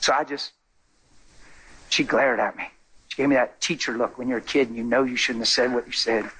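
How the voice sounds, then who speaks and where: A man's voice: medium pitch, fairly even intonation, fairly quick, a bit bright, slight background noise. A man preaching a sermon, telling stories animatedly and acting out the people in them. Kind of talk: sermon with storytelling.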